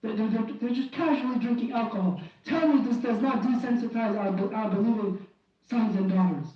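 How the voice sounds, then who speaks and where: A fervent, pleading Friday sermon comes from a man with a high, fairly quick voice who keeps restarting and repeating phrases. He's in a mosque prayer hall, and the sound is distant, dull and heavily echoed.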